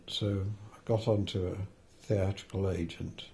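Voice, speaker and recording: A man's voice: on the low side, unhurried, warm tone, slight background noise. An older man, a film editor, telling anecdotes in an interview, hesitant with fillers and restarts and the odd chuckle.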